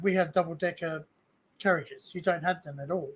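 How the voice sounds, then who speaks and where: A man's voice: a little high, fairly even intonation, normal speed. A man with an Australian accent hosting a casual chat, eager, repeating himself and cutting in. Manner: eager, repeats himself, talks over others. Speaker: host.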